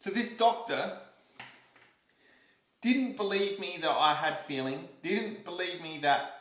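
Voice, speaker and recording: Animated Australian man telling a story. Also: high-pitched, slow pace. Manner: animated, repeats himself, acts out quotes and demonstrations. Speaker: vlogger. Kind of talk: casual storytelling to camera. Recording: roomy echo.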